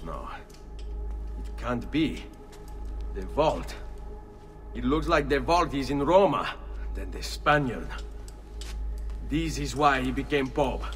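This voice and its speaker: Determined young assassin in a game cutscene, kinda echoey w/ music under. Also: male voice, mid-range voice, expressive, slow pace, pauses often, fairly bright tone. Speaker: game character. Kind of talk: video game cutscene acting.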